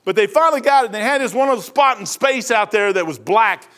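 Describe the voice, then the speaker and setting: A high-pitched man preaches with fervor. He shouts his big points and drops low for his quieter asides. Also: animated, fast talker. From Kentucky. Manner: fervent, swings between shouting and hushed asides. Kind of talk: impassioned preaching.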